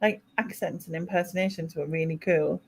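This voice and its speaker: A woman hosting a casual chat with friends, chatty and quick to laugh at herself. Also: fairly low pitch, creaky, slight background noise, rough recording. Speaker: host.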